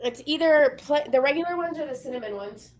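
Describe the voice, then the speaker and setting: A woman's voice: high-pitched, a little fast, slight background noise. A woman hosting a casual video chat, telling a story and acting out the people in it. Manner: animated storyteller acting out dialogue. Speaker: host.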